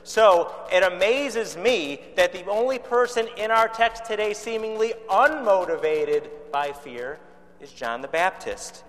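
A pastor from Chicago preaching a sermon in a conversational way, with rhetorical questions and dry humor. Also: male voice, high-pitched, lively intonation, unhurried, fairly bright tone, big-room sound.

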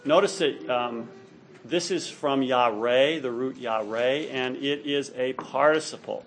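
In a classroom lecture on Hebrew grammar, a man with a mid-range voice speaks at a slow pace. He explains things patiently and checks in with students often, asking "all right?" again and again. There's slight background noise.

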